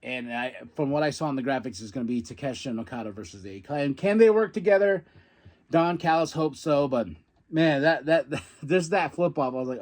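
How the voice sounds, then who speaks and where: A man hosting a podcast, casually recapping a wrestling show, excitable, acting out quotes and laughing often. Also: medium pitch, fairly quick. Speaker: podcast host.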